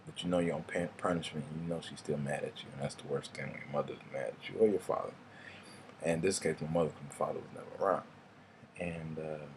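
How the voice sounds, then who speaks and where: Deep-voiced laid-back young man. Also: slight background noise. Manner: laid-back, rambling, swears freely. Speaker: vlogger. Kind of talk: casual storytelling monologue.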